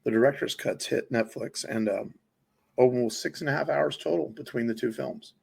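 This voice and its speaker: Podcast guy, gravelly and a bit husky, rambly casual movie chat. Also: mid-range voice, normal speed. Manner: rambling, many fillers and restarts. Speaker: podcast co-host.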